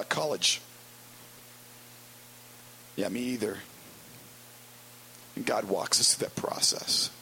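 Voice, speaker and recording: A man preaching a conversational sermon as pastor, wry and storytelling with quick asides. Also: fairly low pitch, vocal fry, sharp tone, slight background noise, poor audio.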